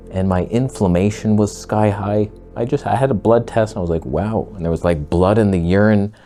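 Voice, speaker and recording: A man talking casually to camera as a vlogger, blunt, sarcastic and excitable. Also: lowish voice.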